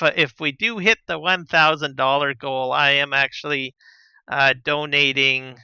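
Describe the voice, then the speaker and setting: A man chatting casually on a live gaming stream, relaxed and rambling with lots of fillers and soft chuckles, on a slightly dull lo-fi mic. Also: medium pitch, clear, resonant tone, dry recording. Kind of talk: casual live-stream chat while playing.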